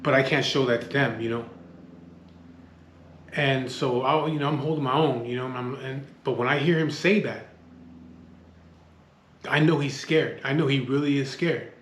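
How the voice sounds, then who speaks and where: A man's voice: medium pitch, normal speed, long pauses, a bit bright, roomy sound, slight background noise. A man telling a tense personal story in casual speech, blunt and full of swearing, often restarting his sentences. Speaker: storyteller recounting a street standoff.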